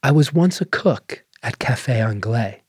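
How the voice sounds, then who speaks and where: A man voicing a proud, weary French woman cook, speaking quietly and with dignity. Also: medium pitch, expressive, unhurried, husky, no echo, clean studio sound. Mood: dignified.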